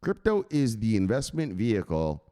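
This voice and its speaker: A man's voice: on the low side, huge pitch swings, moderate pace, mellow. A man hosting a crypto news vlog in a casual, blunt and profane way.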